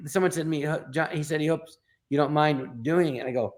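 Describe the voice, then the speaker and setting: A middle-aged man from Los Angeles tells a long story as an interview guest, his voice a touch higher than most men's. He slips into the people he quotes and acts out their lines. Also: fairly even intonation, fast. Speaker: guest comedian.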